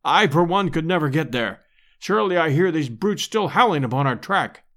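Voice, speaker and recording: A man's voice: fairly high pitch, animated, normal speed, fairly bright tone. A man voicing a dry, weary elderly scientist with a plaintive manner.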